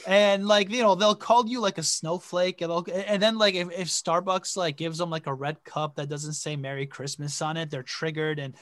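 Young man from Connecticut, higher voice, dry close sound, rambling casual podcast talk with swearing. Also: steady tone, moderate pace, hardly any pauses, a bit bright, dry recording. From Connecticut, USA. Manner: rambling, lots of "like" fillers, swears freely. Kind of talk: casual chat.

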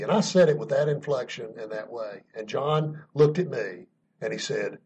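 Husky-voiced man telling a workplace story. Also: medium pitch, lively intonation, normal speed, a little mellow, lo-fi sound. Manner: earnest, emphatic, frequent chuckles. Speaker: podcast guest speaking on leadership. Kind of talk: anecdotal storytelling to an interviewer.

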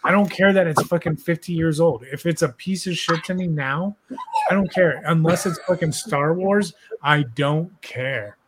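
Blunt, profane man with a slightly high voice. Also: moderate pace, noisy background. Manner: blunt, profane and emphatic, repeating himself. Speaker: podcast co-host. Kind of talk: casual panel banter.

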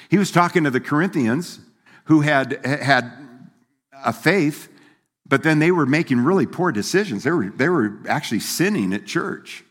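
On the higher side and quite expressive, this man's voice moves at a moderate pace through a sermon. He's the pastor, speaking in a folksy, conversational manner, laughing and voicing the people he quotes, in a hall with a long reverb.

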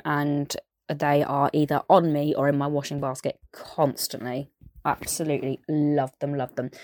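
A young woman with a strong southern English accent talks in a chatty, enthusiastic way, full of asides and little fillers. Her voice sits a little low, and the recording is close and dry with no room sound. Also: darkish tone, no room sound. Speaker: podcast presenter. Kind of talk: casual chat.

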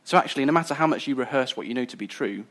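A man's voice: medium pitch, lively intonation, racing, a bit bright. A man giving a sermon in an earnest, conversational way. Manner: earnest, conversational, some restarts. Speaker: preacher.

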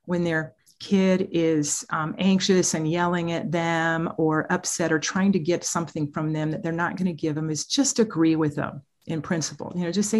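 Speaking in a low voice at normal speed with hardly any pauses, a middle-aged woman who works as a therapist shares parenting anecdotes as a podcast guest. She is lively in the telling and laughs a lot.

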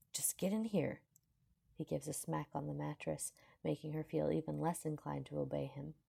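Woman fanfiction narrator, low gravelly voice, husky, calm and measured. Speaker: fanfiction reader.

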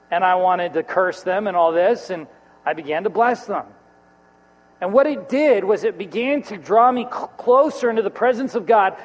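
A man with a fairly high voice preaches, telling a personal story and slipping into the voices of the people in it. His words ring out with a long reverb in a large hall. A low mains hum runs underneath. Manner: storytelling, acts out quoted voices, laughs between lines. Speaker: pastor.

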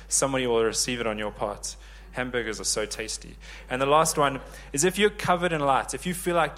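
A man in his thirties preaching a sermon, lively and joking with the congregation. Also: a little high, fast, hardly any pauses. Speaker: pastor.

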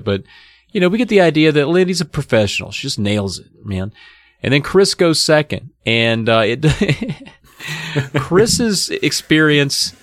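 A man co-hosting a podcast, retelling a story in a lively, animated way and reading a book passage aloud. His pitch swings widely as he slips into high voices for the characters. The sound is close and dry, with no room around it. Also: no room sound. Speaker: podcast co-host. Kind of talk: casual podcast recap with dramatic reading.

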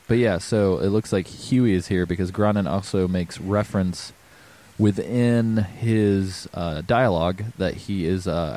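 Deep-voiced man in rambling chat. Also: dark tone. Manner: rambling, filler-heavy, swears. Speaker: podcast co-host. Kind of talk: casual game discussion.

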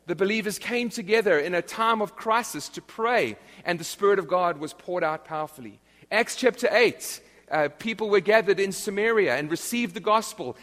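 A pastor delivers a sermon in a high-pitched, fairly bright voice, earnest and emphatic, frequently starting his phrases over. The recording carries the long reverb of a large hall.

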